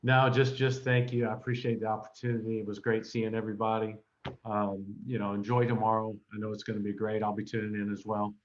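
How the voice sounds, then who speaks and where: A male guest wraps up with short, polite thanks in a reserved way. His voice is low and stays flat. The online call audio is muffled and lo-fi. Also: fast talker, a little hiss or hum. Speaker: guest speaker.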